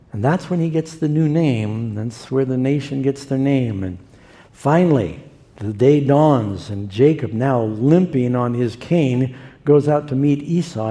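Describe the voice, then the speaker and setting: A man's voice: medium pitch, dark tone. A middle-aged man preaching a sermon, telling the story vividly and acting out the quoted voices.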